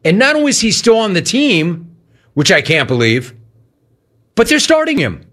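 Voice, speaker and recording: Animated, sarcastic male sports radio host. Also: high voice, normal speed. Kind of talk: sports talk radio rant.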